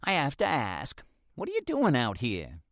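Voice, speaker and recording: A man's voice: mid-range voice, huge pitch swings, unhurried, a bit bright, dry recording, pitched above the performer's own voice, heavily acted. A man voicing an older woman neighbor with a dry, teasing manner in an audiobook. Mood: curious. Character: older woman neighbor, wry and warm-hearted. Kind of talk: audiobook character voice.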